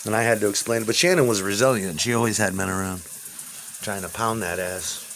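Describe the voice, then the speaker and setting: A man in his fifties telling rambling personal stories, profane and halting, with restarts. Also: on the low side, a bit bright, a little hiss or hum. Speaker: interviewee.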